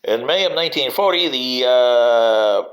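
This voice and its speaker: A man's voice: medium pitch, lively intonation, unhurried, a bit bright, rough recording. A man giving a rambling spoken history commentary, digressive and wry, sometimes addressing politicians directly.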